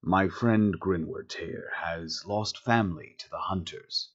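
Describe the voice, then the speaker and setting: A man putting on a courteous male alien for an audiobook, very low rumbling voice, gentle and apologetic. The recording sounds dull and lo-fi. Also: takes it slowly. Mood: soothing. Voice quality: deep rumbling voice. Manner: conciliatory and apologetic. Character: polite, soft-spoken male alien diplomat.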